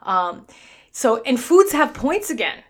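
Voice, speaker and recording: Woman, New York accent, podcast host, slightly high voice, upbeat and blunt. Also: sing-song, slow. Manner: chatty, upbeat, blunt and self-mocking. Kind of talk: solo weight-loss podcast chat.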